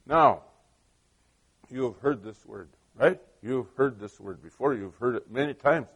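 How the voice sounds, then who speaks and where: A man's voice: mid-range voice, normal speed, husky. A middle-aged man preaching a sermon, telling stories in a conversational way with many asides and questions put to the listeners. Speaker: pastor.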